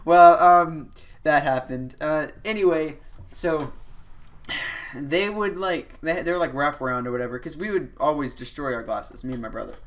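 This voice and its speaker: A young male podcast host tells a long, loose anecdote, rambling along with plenty of "like" and "you know." His voice is a little high and his pace moderate.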